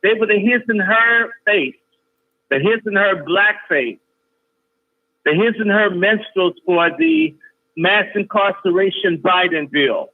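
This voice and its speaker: A man phones in as a guest, pressing his points with forceful repetition. His voice sits a little high and comes through a narrow, tinny phone line. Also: a little slow. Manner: emphatic, repeats phrases forcefully. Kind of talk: heated call-in talk. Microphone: phone call.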